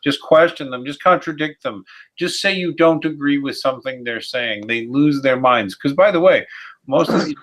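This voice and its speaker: A man hosting a heated panel discussion, indignant and halting, often restarting his sentences. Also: mid-range voice, a bit bright. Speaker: host. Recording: dull lo-fi audio.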